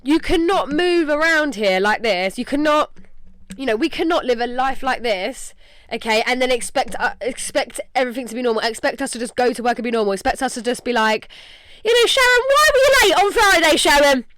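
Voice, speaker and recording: High-voiced English woman talking candidly. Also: brisk, no echo. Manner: rambling, emotional, heavy use of "like". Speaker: podcast host. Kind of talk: candid casual podcast talk.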